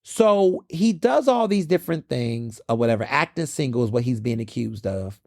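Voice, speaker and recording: A man hosting a podcast, recapping a reality show in casual, animated commentary and slipping into the voices of the people he quotes. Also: mid-range voice, moderate pace, creaky, dry recording, studio quality. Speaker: podcast host.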